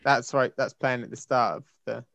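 A young man in his twenties bantering through a quiz with friends. His voice has a gravelly edge, and he talks bluntly, swearing now and then. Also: mid-range voice, steady tone, normal speed, a bit bright, no echo. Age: 20s. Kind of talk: casual banter.

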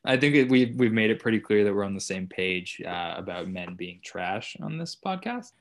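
A man's voice: fairly low pitch, lively intonation, moderate pace. A young adult man guesting on a podcast in casual chat, laid-back and swearing freely. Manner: laid-back, swearing, mock-enthusiastic bursts.

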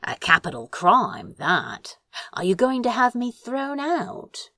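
A woman's voice: a little high, sing-song, slow pace, sharp tone, no echo, pitched above the performer's own voice, exaggerated voice. A woman voicing a dry, teasing masked young man who speaks in a wry, understated way.

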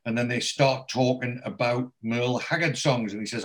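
A man's voice: mid-range voice, fairly quick, few pauses. A man casually retelling a TV episode, acting out the characters' lines and swearing freely.

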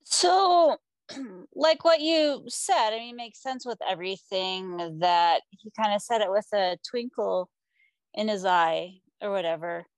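A woman in a group Bible study who talks slowly and tentatively, often saying "like". Her voice is mid-pitched and sounds dry and close. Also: no room sound. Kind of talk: casual discussion.

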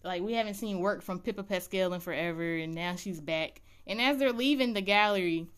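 A woman's voice: fairly low pitch, a little fast, fairly bright tone, smooth. A woman chatting animatedly as she recaps a TV episode for her viewers. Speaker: TV recap vlogger.

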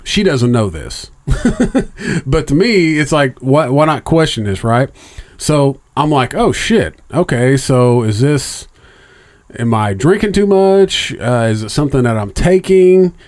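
A man's voice: medium pitch, lively intonation, slow pace, a little mellow. A middle-aged man telling a long story in casual, profane chat, rambling, with lots of fillers and restarts, raising his voice when he quotes others.

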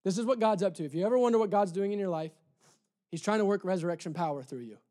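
High-pitched guy preaching in church, fired up, says stuff over and over, goes quiet to make a point. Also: quick pace. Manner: impassioned, repetitive, drops soft for emphasis. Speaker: pastor. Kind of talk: sermon.

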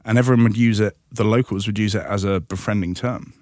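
A man's voice: fairly low pitch, fairly even intonation, fast, a little mellow, no echo, studio quality. A man from Nottingham with an English accent, a guest in a casual chat, wry and self-deprecating. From Nottingham, England.

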